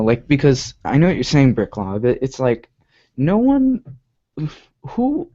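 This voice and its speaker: A man's voice: mid-range voice, mellow. A young man hosting a live web show, chatting casually in a rambling way, correcting himself often. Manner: rambling, many restarts and "like" fillers, self-correcting. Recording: dull lo-fi home stream audio.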